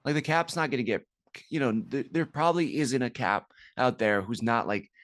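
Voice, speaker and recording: A man's voice: medium pitch, expressive, normal speed, fairly bright tone, no echo, clean studio sound. A man co-hosting a podcast, talking casually about a movie and rambling through fillers and restarts. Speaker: podcast co-host.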